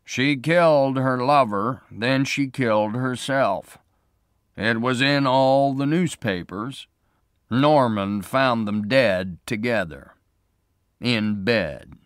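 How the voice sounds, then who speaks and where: A man playing a patient small-town sheriff who asks questions in a measured way. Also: mid-range voice, clean tone, no room sound, clean studio sound, voice pushed up, close to an everyday voice. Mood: explaining.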